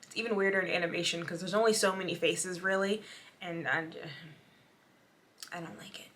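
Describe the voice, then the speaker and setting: Young woman reaction host, bright voice, casual sardonic chatter. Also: on the low side, fairly even intonation. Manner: sardonic, chatty, quick asides. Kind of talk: casual commentary.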